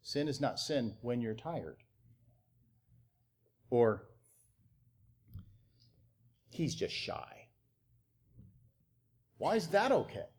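Lively-pitched male preacher with mocking asides. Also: takes it slowly, long pauses. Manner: animated preaching with mocking acted-out quotes. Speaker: pastor. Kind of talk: sermon.

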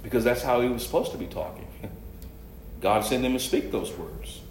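Animated preacher man in an echoey room. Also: medium pitch, normal speed, gravelly, a little hiss or hum. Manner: animated, rising loud on scripture, dropping soft for asides. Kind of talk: sermon with scripture reading.

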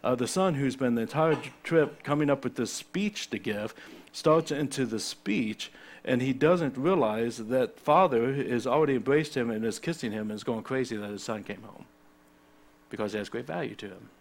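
A man's voice: mid-range voice, lively intonation, moderate pace, slight background noise. Man preaching a conversational sermon. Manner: conversational preaching with restarts and personal asides. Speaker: pastor.

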